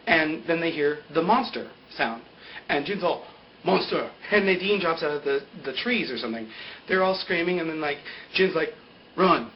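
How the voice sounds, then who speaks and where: A young man talks through a story in a loose, animated way, leaning on fillers as he goes. His voice sits a bit high. The home recording sounds dull and lo-fi, with a faint hiss. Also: moderate pace. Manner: rambling and animated, with lots of "like". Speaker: vlogger recapping a TV episode. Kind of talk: casual spoken recap.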